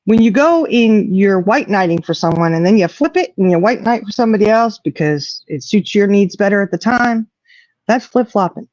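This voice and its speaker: Lively folksy older woman host, lo-fi. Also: mid-range voice, moderate pace, no room sound. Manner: folksy, lots of "you know". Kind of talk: casual chat. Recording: dull lo-fi audio.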